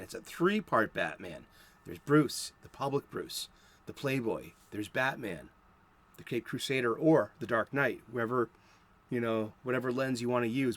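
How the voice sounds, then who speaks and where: A man in his fifties with a Boston accent, hosting a casual solo talk about comics and rambling into joking asides. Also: mid-range voice. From South Boston, Massachusetts. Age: 50s. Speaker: comic book podcast host.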